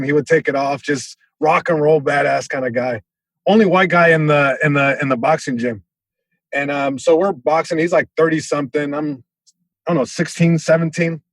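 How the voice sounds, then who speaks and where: A male comedian telling a story in casual podcast chat, lively, acting out voices, with many restarts. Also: a little high, moderate pace, no room sound. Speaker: comedian guest.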